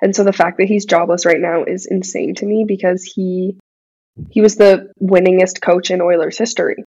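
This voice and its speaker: A woman's voice: fairly low pitch, normal speed, husky, muffled recording. A young woman guesting on a podcast, telling stories animatedly with lots of fillers in casual chat. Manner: animated storyteller, many fillers.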